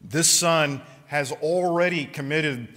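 A man's voice: fairly high pitch, slow pace, a bit bright, big-room sound. A man preaching a sermon in a church, talking conversationally with frequent fillers and restarts. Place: church sanctuary.

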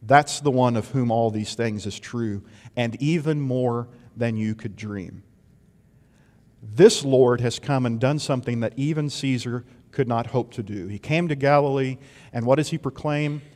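Brief: male preacher, mid-pitched, dynamic sermon delivery with rhetorical questions, long hall reverb. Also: a little slow. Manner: dynamic, swings from loud emphasis to hushed intensity, rhetorical questions.

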